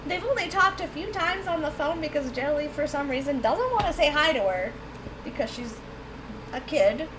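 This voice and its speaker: Woman game streamer, light Southern accent, high chatty voice, faint noise in the background. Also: animated, normal speed. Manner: chatty, giggly, rambling. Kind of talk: casual chat while streaming a game.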